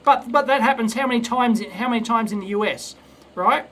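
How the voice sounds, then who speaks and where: A very high-pitched, fairly bright voice moves briskly as an Australian man solders during a live stream, with a little hiss or hum behind it. As an electronics video host he rambles and speaks bluntly, stumbling into restarts and repeated words.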